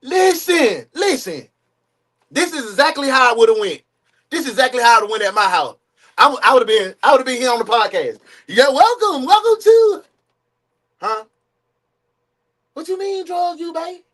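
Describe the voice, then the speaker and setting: A man hosting a live-stream reaction show, joking casually and swinging into loud outbursts. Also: very high voice, very animated, moderate pace.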